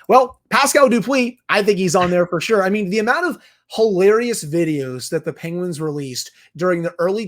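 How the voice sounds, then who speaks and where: A young man co-hosting a sports podcast, reading listener questions in a casual, upbeat way. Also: high voice. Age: young adult. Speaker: podcast co-host.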